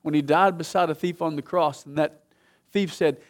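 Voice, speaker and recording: A man preaching a sermon, telling a story with dramatic swings from loud emphatic peaks to hushed, low passages. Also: steady tone, normal speed.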